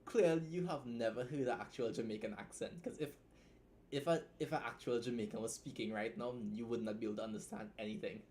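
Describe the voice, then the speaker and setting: A man's voice: mid-range voice, steady tone, a little mellow, a little hiss or hum. Blunt, joking Trinidadian man streaming. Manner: blunt, joking, swears freely, fast asides. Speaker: livestream host and writer. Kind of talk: casual livestream chat, reacting and reading a story aloud.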